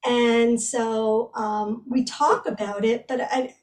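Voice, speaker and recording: A woman with a slightly high voice explains ideas in a measured, academic interview. She pauses often and fills gaps as she thinks. Her voice sits a little back from the microphone. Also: steady tone, recorded from a distance. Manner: measured, explanatory, with frequent fillers. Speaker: guest researcher.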